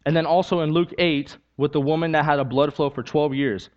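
A man's voice: on the high side, fairly even intonation, fairly quick, highs cut off. A man preaching a sermon with a personal testimony, talking earnestly and conversationally, repeating key lines and building to emphatic peaks.

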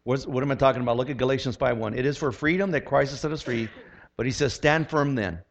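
A man's voice: medium pitch, fast talker, creaky. A man in his sixties, a pastor preaching a conversational, humorous sermon full of rhetorical questions. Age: 60s. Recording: lo-fi dull sound.

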